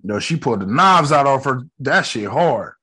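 A man giving casual reaction commentary on a show, excitable and profane, full of slang, sometimes acting out lines. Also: mid-range voice, normal speed, slightly rough. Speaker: reaction video host.

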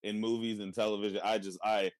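A man co-hosting a casual podcast chat, laughing often and retelling scenes with quick put-on voices. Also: fairly low pitch, little pitch movement, no echo. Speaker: podcast co-host.

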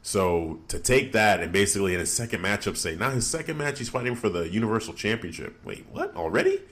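A young man co-hosting a casual podcast, animated and quick to exclaim in disbelief. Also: on the low side. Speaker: podcast co-host. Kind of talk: casual wrestling podcast chat.

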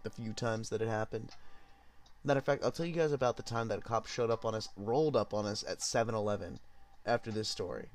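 Rambling, profane, laid-back man. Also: medium pitch. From Southern California. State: high. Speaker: podcast host. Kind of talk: casual storytelling.

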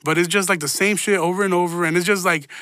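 A man's voice: high voice, steady tone, fast talker, sharp tone, no room sound. A man hosting a podcast, telling stories in a rambling, profane, laid-back way full of slang. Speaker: podcast host. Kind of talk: casual solo podcast storytelling.

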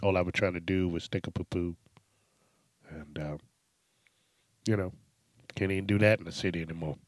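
A man doing a slow, dim-witted complainer with a very low voice, rambling and stalling on every few words. It sounds dry and close. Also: fairly even intonation, no echo, close to an everyday voice. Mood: aggrieved. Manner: mumbling, rambling, halting with many uh's. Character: slow-witted man whom Batman punched. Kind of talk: comedy sketch.

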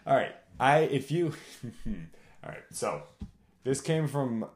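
A man guesting on a podcast, telling stories in a lively, laughing casual chat. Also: medium pitch, slow, roomy sound. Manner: animated, laughing, shouts out catchphrases.

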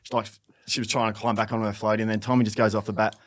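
A man's voice: lowish voice, little pitch movement, very fast. An Australian man in his thirties telling a funny travel story on a podcast, acting out the quotes and laughing often. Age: 30s. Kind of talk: casual podcast chat.

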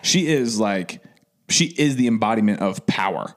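A man's voice: fairly low pitch, expressive, normal speed. A man co-hosting a podcast in casual chat, easygoing and agreeable, dropping lots of "yeah" and "bro". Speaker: podcast co-host.

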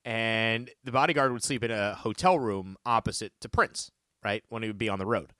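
A man hosting a trivia podcast in casual chat, telling funny stories and reading questions slowly. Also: fairly low pitch, no room sound, studio quality. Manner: animated storyteller, joking, reads questions slowly. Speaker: trivia quiz host.

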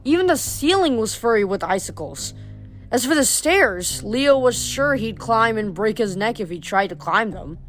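Lady reading a novel out loud, trips over words and restarts, faint music behind. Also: fairly high pitch, animated, moderate pace. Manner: plain reading with frequent stumbles and restarts. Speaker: reader.

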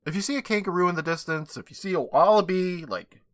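Animated, bright-voiced male podcast host. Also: high-pitched, fast, no echo, studio quality. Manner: animated, jokey, laughs often. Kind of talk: casual chat.

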